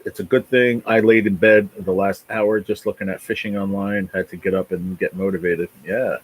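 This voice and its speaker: A man's voice: deep voice, steady tone, moderate pace, breathy edge, no room sound, poor audio. A man in his forties from New Jersey, hosting a rambling, profane livestream chat with viewers. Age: 40s. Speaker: livestream host. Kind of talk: casual chat reading viewer comments.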